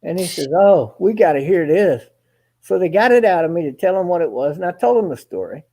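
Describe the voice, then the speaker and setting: A man with a husky, dark voice spins a rambling story in a casual, folksy way. His pitch swings widely as he acts out every exchange of dialogue, and he drops in the occasional curse word. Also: very animated, quick pace. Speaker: guest storyteller.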